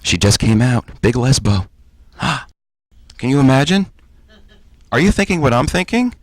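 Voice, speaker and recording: A man's voice: mid-range voice, very animated, normal speed, dry recording. A comedian in his forties from New Jersey doing a campy, self-deprecating stand-up set as a talk show guest. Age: 40s.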